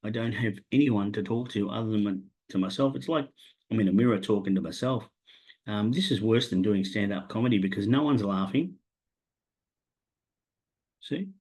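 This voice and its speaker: A man's voice: lowish voice, moderate pace, pauses often, darkish tone, husky. An Australian man hosting a podcast alone, rambling through horse racing tips in a self-mocking way and talking to his absent co-hosts. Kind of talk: solo casual chat.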